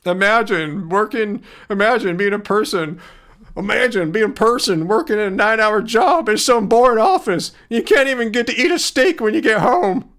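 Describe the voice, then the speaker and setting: Mock meat-eater office guy, loud and higher-pitched , as a male streamer puts him on. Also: animated, moderate pace. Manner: taunting mock accent.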